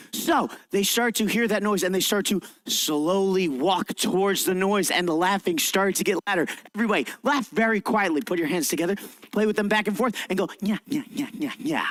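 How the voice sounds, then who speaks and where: A young man presenting a lively, interactive children's science show and telling a story, encouraging the kids in the audience. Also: high-pitched, fairly quick, no room sound. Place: library event room.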